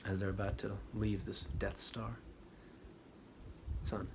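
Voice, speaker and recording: A man giving a spiritual talk, retelling a story in an animated, dramatic way that swings from loud to hushed. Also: on the low side, moderate pace, vocal fry. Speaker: spiritual teacher. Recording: steady background noise.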